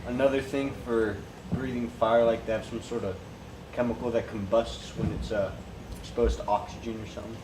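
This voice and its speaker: A man's voice: medium pitch, level tone, brisk. Distant man in the audience, echoey room. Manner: hesitant, casual. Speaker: audience member. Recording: distant voice in a roomy hall with noise.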